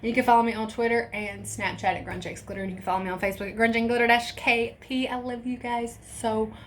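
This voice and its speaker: A woman's voice: fairly high pitch, quick pace. Young female vlogger, casual profane storyteller, faint background noise. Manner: animated, profane, laughing asides.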